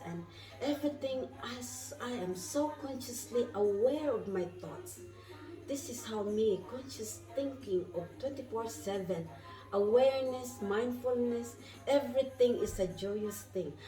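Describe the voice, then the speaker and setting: A woman's voice: a little high, dark tone, roomy sound, recorded from a distance, poor audio. A woman vlogging from inside a moving car, effusive and spiritual, often asking her viewers "isn't that wonderful". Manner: effusive, repeats questions to viewers. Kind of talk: spiritual travel vlog.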